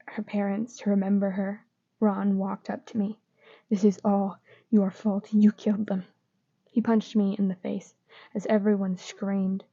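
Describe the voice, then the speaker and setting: Woman reader, fan fiction; subdued, monotone, muffled lo-fi audio. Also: mid-range voice. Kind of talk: reading fan fiction aloud. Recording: dull lo-fi recording.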